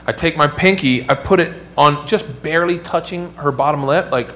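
A man's voice: a little high, moderate pace, fairly bright tone. A man doing stand-up comedy, talking in a loose, rambling way full of "like" and acting out little voices. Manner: rambling, lots of "like" fillers, acts out voices.

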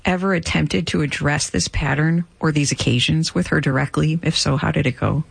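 A man co-hosts an advice talk show, asking careful, formal questions. His voice is gravelly and husky, and a bit higher than most men's. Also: fairly even intonation, brisk. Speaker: co-host.

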